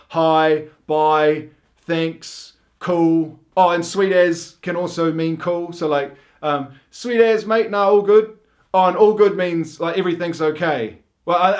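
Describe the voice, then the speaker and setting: A middle-aged man with a New Zealand accent, rambling and deadpan as he explains slang, full of fillers and self-interruptions. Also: on the high side. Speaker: comedy video host.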